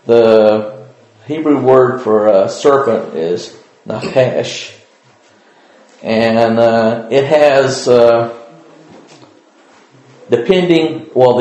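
A man giving an informal Bible study, talking with frequent pauses and "uh"s as he thinks aloud. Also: mid-range voice, darkish tone, echoey room, low-quality recording. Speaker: Bible teacher.

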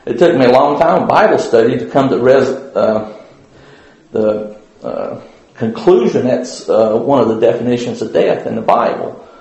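A man's voice: medium pitch, animated, normal speed, a little mellow. A man giving an informal Bible lesson at church in a folksy, rambling way, with many fillers and restarts. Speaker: Bible study teacher. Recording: very echoey room.

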